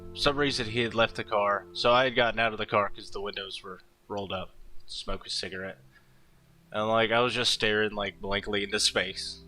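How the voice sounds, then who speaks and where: Young male streamer, bright voice, chatty storyteller, lots of fillers and laughs. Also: fairly low pitch, fairly even intonation, a little fast, faint music behind, poor audio. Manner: rambling, laughs often, many fillers and restarts. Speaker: artist streaming while drawing. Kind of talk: casual storytelling while drawing.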